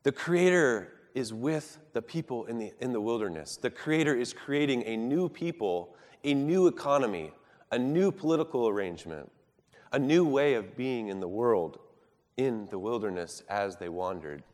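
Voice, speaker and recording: A man's voice: medium pitch, expressive. Earnest preaching man in a reverberant hall. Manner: earnest, measured preaching with emphatic rises and soft drops. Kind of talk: sermon.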